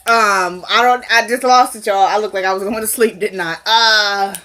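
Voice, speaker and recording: A woman's voice: mid-range voice, fairly even intonation, moderate pace, sharp tone. A woman giving a chatty recap of a TV episode, talking straight to her viewers and acting out the lines of the scenes. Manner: chatty, addresses viewers directly, acts out dialogue. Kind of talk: casual recap vlog.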